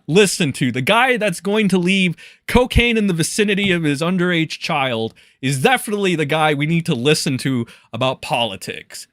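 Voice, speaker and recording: A man's voice: high-pitched, a bit bright, no room sound, studio quality. A man doing profane live-stream commentary, mocking and crude, swearing and laughing often.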